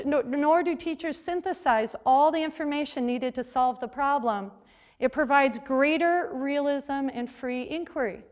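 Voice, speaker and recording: A woman who advises a school journalism program, speaking to a room of teachers at a conference and telling classroom stories full of quoted dialogue. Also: high-pitched. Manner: lively storytelling with quoted dialogue. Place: forum hall.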